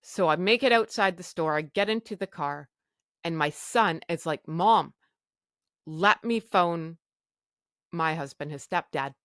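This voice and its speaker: A woman's voice: fairly low pitch, unhurried, no echo, studio quality. Woman telling a raw personal story. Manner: animated retelling with quoted dialogue. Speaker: podcast guest sharing her story.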